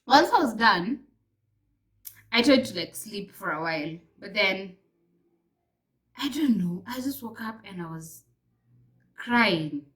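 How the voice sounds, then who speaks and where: A young woman with a Kenyan accent chatting to camera in a casual vlog, telling stories in an animated way and slipping between English and Swahili. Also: medium pitch, takes it slowly, long pauses, rough recording. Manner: animated storyteller, mixes in fillers. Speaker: vlogger.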